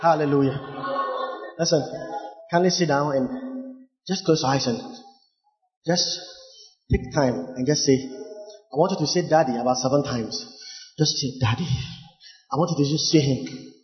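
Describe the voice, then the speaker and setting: A man leading a congregation in prayer, giving gentle, coaxing instructions. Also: fairly high pitch, measured pace, long pauses, dull audio. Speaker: pastor. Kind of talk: sermon and prayer ministry. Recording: echoey hall, soft music.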